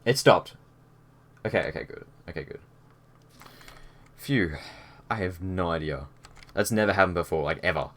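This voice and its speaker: Deep-voiced young streamer. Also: male voice, moderate pace, pauses often, a bit bright. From Australia. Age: young adult. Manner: rambling and easygoing, with many fillers and restarts. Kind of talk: casual live-stream chat. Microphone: headset.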